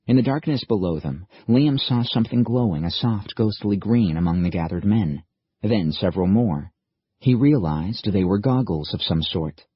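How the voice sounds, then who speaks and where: A man narrating an audiobook in a steady, measured storytelling manner. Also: lowish voice, husky, dry recording, highs cut off. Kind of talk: scripted narration.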